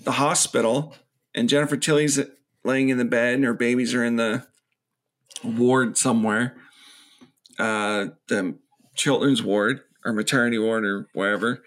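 Male podcast co-host, relaxed chatty plot recap. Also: mid-range voice, a little slow. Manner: recaps plot, acting out quotes in put-on voices. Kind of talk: casual film review chat.

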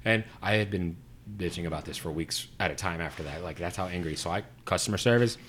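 A man's voice: deep voice, fast talker, a bit bright, slight background noise. A man telling a story in casual chat, ranting with animation and acting out both sides of the exchange. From Puerto Rico.

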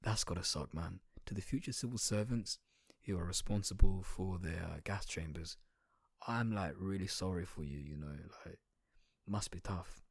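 Low, husky young guy ranting sarcastically. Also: normal speed, no echo, studio quality. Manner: sarcastic, crude, rambling, slangy. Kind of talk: satirical comedic rant.

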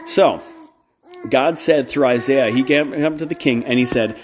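A man's voice: medium pitch, moderate pace, a little hiss or hum. A man hosting a podcast, talking in a casual preaching style, blunt and emphatic, with restarts and side remarks. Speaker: podcast host.

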